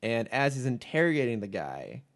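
A man's voice: mid-range voice, very animated, moderate pace. Rambling male podcast host. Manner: rambling, thinks aloud with many restarts. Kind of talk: casual podcast chat.

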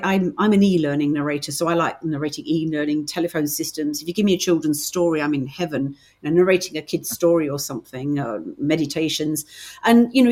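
A woman's voice: low-pitched, a little mellow. A middle-aged woman with a British accent, chatting as a podcast guest, telling stories with many restarts. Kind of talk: casual interview chat.

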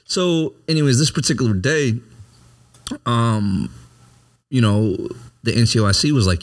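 Brief: man with a fairly low voice, candid storyteller, profane and animated. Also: brisk, pauses often. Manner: profane, animated, repeats "you know what I mean". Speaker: service member telling his story.

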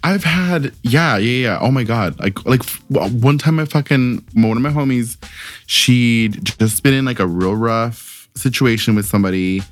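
A man in casual podcast chat, speaking at a middle pitch with a blunt, teasing edge. He swears freely and trades jokes easily while telling his stories. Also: normal speed. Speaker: podcast producer and co-host.

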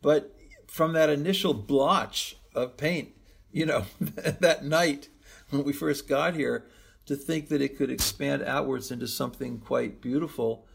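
Gravelly, husky man telling a story. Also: medium pitch, measured pace. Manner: rambling, reflective, restarts often. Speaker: guest, medical school professor. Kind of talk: storytelling interview answer.

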